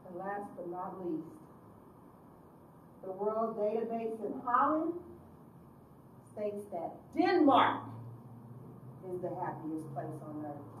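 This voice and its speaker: A woman youth counselor giving an expressive public speech and telling stories straight to her audience. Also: medium pitch, slow, pauses often, background noise. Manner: expressive storyteller with direct address. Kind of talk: public speech with acted-out story. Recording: echoey room from a distance.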